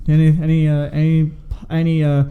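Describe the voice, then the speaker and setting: A man's voice: a little high, completely flat delivery, a little fast, phone-quality sound. A man hosting a casual podcast interview, asking questions with a joking, swearing tone. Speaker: podcast host.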